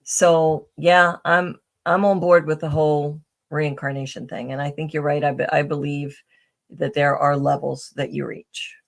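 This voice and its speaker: A woman's voice: low-pitched, flat delivery, measured pace, creaky. A woman guest on a podcast, telling personal stories in a casual, rambling way with many fillers and restarts. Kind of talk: casual conversational storytelling.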